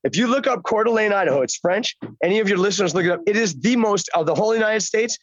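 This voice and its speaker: An older man rambles excitedly and curses freely as a guest in a casual chat. His voice runs fairly high and quick. The sound is dry and a little dull. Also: no room sound. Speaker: actor, guest. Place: outdoors by a lake.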